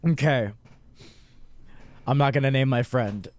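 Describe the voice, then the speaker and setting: A man's voice: medium pitch, measured pace, a little mellow. A man in his late thirties, co-hosting a podcast, telling a story in casual chat with lots of swearing and laughing through his words. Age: late 30s. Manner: profane, self-mocking storyteller who laughs while talking. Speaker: podcast co-host.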